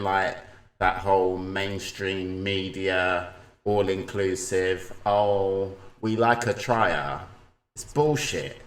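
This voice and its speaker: Deep-voiced man reacting casually. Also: reverberant. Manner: chatty, agreeing, mocking impressions. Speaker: reaction video host.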